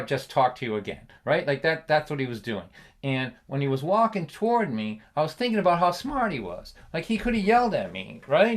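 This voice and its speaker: A man telling a comic family story on a livestream, chatty and animated, laughing often and checking in with the listener. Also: on the high side.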